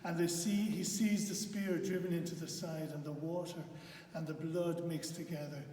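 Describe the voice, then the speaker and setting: A man slowly retelling a scripture story in an earnest, halting way, often repeating words. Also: on the high side, steady tone, dark tone. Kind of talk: spoken Bible retelling. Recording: echoey hall from far off.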